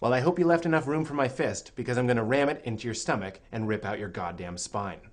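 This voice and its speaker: A man's voice: medium pitch, fast talker, a bit bright, lightly acted. A man playing a famous action-star actor who keeps slipping into his thick accent while recording a commercial, stubborn and flustered.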